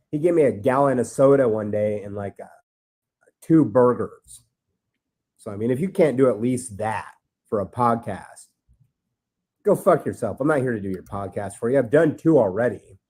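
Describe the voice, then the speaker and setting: A man's voice: medium pitch, mellow, husky. A man talking as a podcast guest, rambling and aggrieved, swearing freely. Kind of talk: ranting podcast talk.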